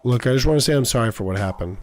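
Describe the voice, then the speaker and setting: A man's voice: mid-range voice, lively intonation, rapid-fire, soft background music, voice pushed down, close to an everyday voice. A man voicing a sarcastic male cat detective in a video game, quipping wryly. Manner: wry, sarcastic quips.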